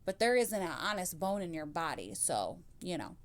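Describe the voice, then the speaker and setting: A woman's voice: fairly low pitch, sing-song, normal speed. A woman hosting a reaction commentary channel, blunt and scolding, swearing freely as she answers clips.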